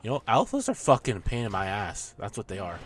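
A man's voice: on the low side, wildly swooping pitch, quick pace, a little hiss or hum. Joking, swearing gamer man. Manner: joking, swears, talks back to the game. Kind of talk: let's play commentary.

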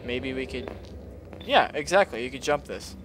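A man's voice: mid-range voice, lively intonation, moderate pace, background noise. A young man playing a horror game with a friend, jumpy and giggly, often mumbling his comments. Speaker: co-player. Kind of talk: casual gaming banter.

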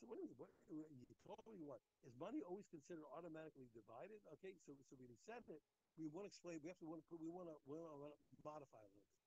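A man teaching a daily Talmud page, his voice high and a little husky. He swings widely up and down as he explains, restarting and repeating phrases as the argument builds. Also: low-quality recording. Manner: animated, repeats phrases, acts out the text's speakers. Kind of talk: daf yomi Talmud class.

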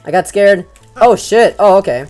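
A young man giving casual let's-play commentary as a gaming channel host. He gets excitable, swears often and yells at the game. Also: high-pitched, normal speed, soft background music.

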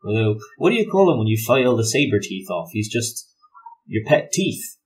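A kind, reasonable traveller with a lowish voice, played by a man. He rambles politely, with plenty of fillers and restarts. It is a character in a tabletop role-play. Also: very animated, moderate pace. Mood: friendly.

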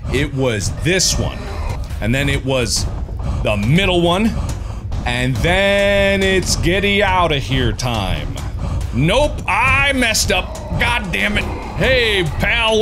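A young man hosting a horror game playthrough, his voice swinging wildly between high yelps and low muttered jokes. He talks in an unhurried way and keeps mocking himself. Game music plays clearly behind him. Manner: excitable, yelping, self-mocking. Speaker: gaming video host. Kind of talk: let's play commentary.

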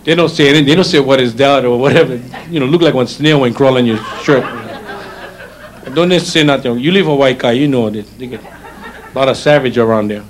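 A man's voice: mid-range voice, brisk. A middle-aged man with a Hawaiian Pidgin accent, doing teasing stand-up comedy and chatting directly with audience members. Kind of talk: stand-up comedy with crowd work. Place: hotel showroom stage before a live audience. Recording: live show with crowd laughter and noise.

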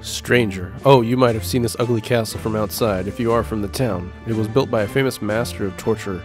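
A man reading the lines of a calm, knowing stranger in a game, in a measured way. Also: on the low side, music in the background, close to an everyday voice. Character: mysterious male stranger spirit, calm and knowing.

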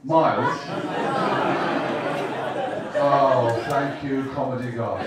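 A man's voice: medium pitch, steady tone, slow pace, long pauses, very noisy. A man hosting a live comedy night, teasing someone in the audience, laughing often and swearing. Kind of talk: crowd work at a live comedy show. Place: comedy club stage. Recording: echoey club from a distance, loud crowd.

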